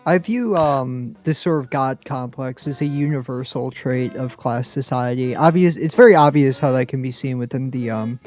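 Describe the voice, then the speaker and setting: A man co-hosting a podcast in casual talk, deliberate and lecturing, with many pauses. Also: medium pitch, darkish tone, soft background music. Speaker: podcast co-host.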